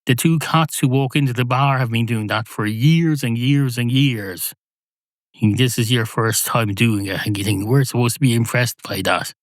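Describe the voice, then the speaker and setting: A man's voice: medium pitch, moderate pace, dry recording, close to an everyday voice. An Irish man voicing a sarcastic, passive-aggressive AI vet assistant program, in a storytelling podcast. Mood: snippy. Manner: sarcastic, mock-polite, turns rude.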